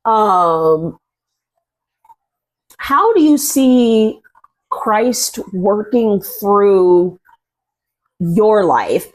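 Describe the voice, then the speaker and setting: A woman hosts a relaxed conversation about faith and speaks at a slow, unhurried pace. She tells stories earnestly and often pauses on fillers. Her pitch sits in an ordinary middle range. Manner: earnest, storytelling, many fillers. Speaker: host. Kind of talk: casual interview chat.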